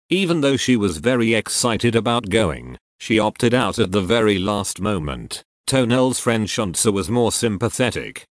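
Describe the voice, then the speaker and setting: A man narrating a storybook in a steady read-aloud delivery. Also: on the low side, no echo, studio quality.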